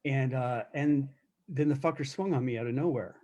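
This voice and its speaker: Mellow and medium-pitched at a moderate pace, a male self-defense instructor recounts his corrections work in casual live-chat storytelling. He's candid, profane and wry, with many restarts.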